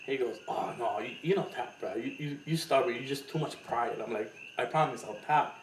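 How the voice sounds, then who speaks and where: A man's voice: medium pitch, fairly quick. Man telling a story in an echoey room. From Hawaii. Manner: animated storyteller, acts out quotes with loud laughing voices. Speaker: podcast co-host. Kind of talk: casual chat, storytelling. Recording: echoey room, mic at a distance, faint noise.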